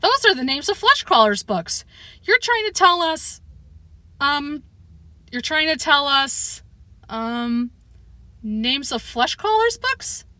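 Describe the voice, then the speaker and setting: A woman's voice: high-pitched, very animated, takes it slowly, pauses often, pushed and bright, dry recording, voice pushed up, exaggerated voice. Woman doing a naive young puppy. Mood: earnest. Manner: earnest, hesitant guessing. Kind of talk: audiobook reading.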